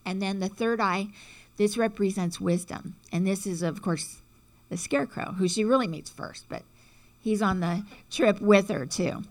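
A woman's voice: mid-range voice, a little slow. A woman giving a casual spiritual talk, chatting along and often checking in with "right?". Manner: chatty, frequent "right?" checks, acts out quotes. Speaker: teacher explaining symbolism.

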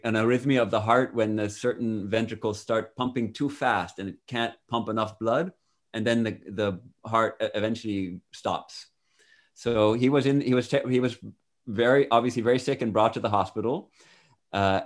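A man as an interview guest, earnestly explaining and commenting on accounts he reads out. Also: lowish voice.

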